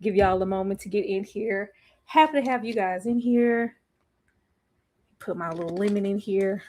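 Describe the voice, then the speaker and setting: A young woman hosting a casual live show about a TV series, chatty and quick to laugh. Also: mid-range voice, darkish tone. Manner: chatty, laughs often, drawls phrases, slips into playful quoted voices. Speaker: TV recap vlogger. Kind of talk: casual chat to a live audience.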